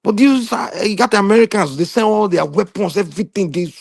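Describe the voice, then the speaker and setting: A man's voice: high voice, lively intonation, fairly quick, vocal fry, no room sound. Man, host, casual talk, rambling with fillers, phone audio, dry sound. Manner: rambling, many fillers and restarts. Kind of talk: casual discussion.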